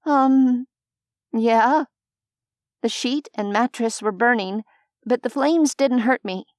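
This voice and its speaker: A flustered young heroine with a nervous, wry edge, read by a woman audiobook narrator. Her voice sits higher and pushes a little louder than the narration. The sound is dry and close. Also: slow pace, no room sound. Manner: nervous, quipping, hesitant. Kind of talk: audiobook character voice.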